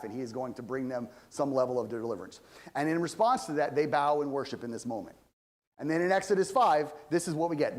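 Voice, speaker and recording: A man preaching a sermon as pastor, in a conversational way with many asides, swinging between loud emphatic stretches and low quiet ones.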